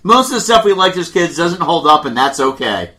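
A man's voice: fairly high pitch, sing-song, a little fast, pushed and bright. A man hosting a casual chat podcast, reading out listener opinions in a sardonic, opinionated way. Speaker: podcast host.

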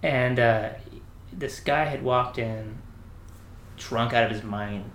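Animated man telling rowdy service stories. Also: mid-range voice, slow pace, a little hiss or hum. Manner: animated, acts out quoted people, swears freely, laughs often. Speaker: Navy veteran telling stories. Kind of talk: casual storytelling chat. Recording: echoey room.

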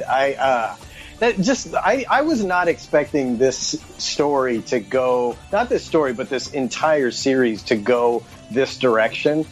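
A man who is a father, co-hosting a casual book talk and musing thoughtfully, often restarting his sentences. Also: medium pitch. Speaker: podcast co-host.

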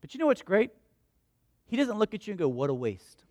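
A male pastor preaching in a notably high voice, recorded close and dry with no room echo. He repeats his lines for emphasis and poses questions that he answers himself. He moves between loud emphatic peaks and quiet storytelling. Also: expressive, fast talker. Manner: asks the congregation questions and answers them himself. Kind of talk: sermon.

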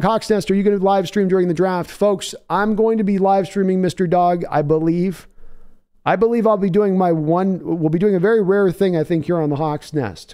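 A man's voice: sits high, mellow, clear, resonant tone. A man hosting a casual livestream, rambling, chatty and self-deprecating as he answers chat. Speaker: livestream host.

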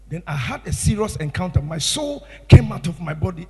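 Impassioned Ghanaian preacher in a reverberant hall. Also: male voice, sits high, very animated, a little fast, hardly any pauses, husky. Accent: Ghanaian English. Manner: impassioned, swinging from hushed to shouted. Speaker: pastor. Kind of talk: sermon.

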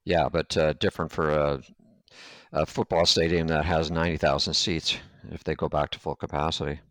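A man's voice: very deep voice, little pitch movement, normal speed, a bit bright, no room sound. A man from Canada hosting an interview, asking long hypothetical questions with some hesitation. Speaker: interview host. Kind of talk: casual interview chat.

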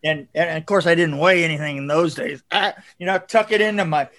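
Older man, high voice, swears freely, laughs through his stories, interview guest. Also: a little fast, a bit bright. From California. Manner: profane, laughing, rambling storyteller. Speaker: guest, production designer. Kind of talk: casual interview storytelling.

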